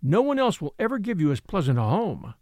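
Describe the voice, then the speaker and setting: A man's voice: sits high, sing-song, brisk, darkish tone, no room sound. Male narrator doing an insistent suitor, masterful and ardent; dry close sound. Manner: earnest and pleading, then stern. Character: ardent, masterful man wooing a young woman.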